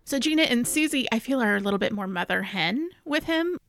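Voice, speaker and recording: A woman co-hosting a podcast, chatting in an animated, casual way about a novel and swearing lightly. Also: on the high side, a little fast. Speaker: podcast co-host. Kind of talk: casual book discussion.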